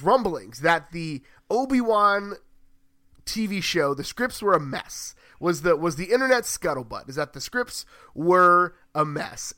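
A man with a bright, forward voice pitched a little high, co-hosting a casual podcast. He rambles and corrects himself as he thinks aloud. The sound is close and dry. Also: dry recording. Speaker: podcast co-host. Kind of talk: casual chat.

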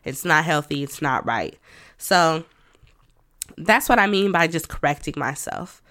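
Candid low-voiced woman podcaster. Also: animated, measured pace, a bit bright, no room sound, studio quality. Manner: candid and conversational, laughing at herself, self-talk asides. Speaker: podcast host. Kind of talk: personal reflective monologue.

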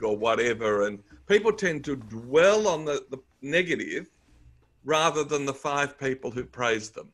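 A man's voice: mid-range voice, lively intonation, moderate pace, fairly bright tone. A middle-aged man with an Australian accent, a guest in a conversational interview, telling upbeat anecdotes. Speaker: guest, author and speaker.

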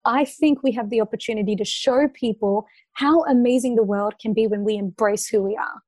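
A woman's voice: a little high, brisk, a little mellow, dry recording. A young woman with an Australian accent, a podcast guest talking earnestly and passionately in a casual interview and laughing easily.

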